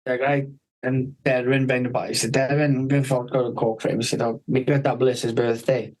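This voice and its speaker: A man's voice: mid-range voice, level tone, quick pace, a little mellow, poor audio. Man, casual podcast storytelling, rambling, constant swearing, acts out the people he quotes.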